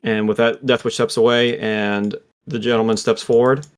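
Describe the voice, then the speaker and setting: A tired man narrating a tabletop game as game master, relaxed with many fillers. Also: medium pitch, normal speed, smooth.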